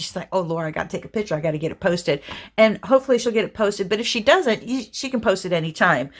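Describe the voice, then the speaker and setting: A middle-aged woman, hosting a craft channel in casual, rambling chat with her viewers. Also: fairly low pitch. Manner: rambling, chatty, talks fast and apologizes for it.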